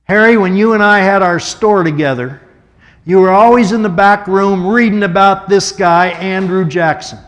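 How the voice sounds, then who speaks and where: A man's voice: high voice, normal speed, a bit bright, voice pushed up. A man voicing an earnest middle-aged male friend who pleads emphatically with someone close to him. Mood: earnest pleading.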